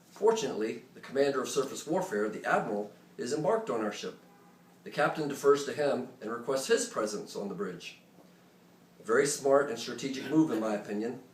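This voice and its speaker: A man's voice: mid-range voice, a little hiss or hum. Man telling a story to a live audience. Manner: conversational, animated, joking asides. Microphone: phone or camera recording from the room. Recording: roomy, distant, faint ambience.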